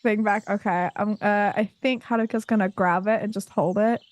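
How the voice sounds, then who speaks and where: A woman playing a tabletop game, talking in a halting way with many fillers. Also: medium pitch, fairly even intonation, dry recording. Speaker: player.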